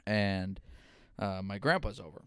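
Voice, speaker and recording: A young man tells stories on a casual podcast, acting out the people in them. His voice is smooth and resonant, recorded close and dry with no room sound. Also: lowish voice, a little slow, no echo. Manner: animated storytelling, acting out quotes. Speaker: podcast host.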